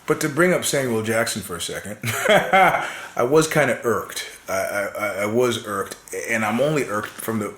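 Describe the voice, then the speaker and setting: A man's voice: medium pitch, moderate pace, a bit bright. An American man, a podcast guest, telling stories in casual conversation, emphatic and laughing often, with some swearing. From United States. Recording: roomy echo.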